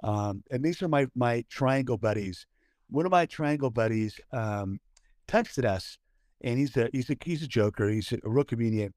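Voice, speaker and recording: A man's voice: medium pitch, darkish tone, no room sound. Guy cohosting a podcast, lots of ums and restarts, dry close sound. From Southern California. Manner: halting, many fillers and restarts. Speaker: podcast co-host. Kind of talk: casual chat.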